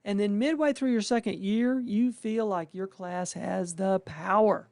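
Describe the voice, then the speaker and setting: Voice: medium pitch, measured pace, creaky, darkish tone, no room sound. A residency faculty member giving a folksy, conversational welcome talk to new interns, now and then acting out the residents' thoughts. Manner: folksy and conversational, with colloquial exclamations; acts out residents' inner thoughts.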